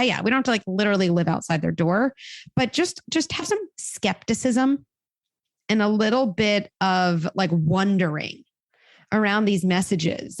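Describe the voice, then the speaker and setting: A woman psychologist giving parenting advice in conversation, animated and acting out the lines parents and children say. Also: mid-range voice, no echo. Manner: animated, acts out quoted dialogue.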